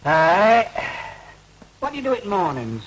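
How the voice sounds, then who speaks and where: A gruff older mill owner with a Yorkshire accent, blunt and quick to chuckle. His voice sits high for a man. It is 1930s British film acting. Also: very animated, full character voice, rough recording. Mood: jovial. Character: gruff retired Yorkshire mill-owning uncle.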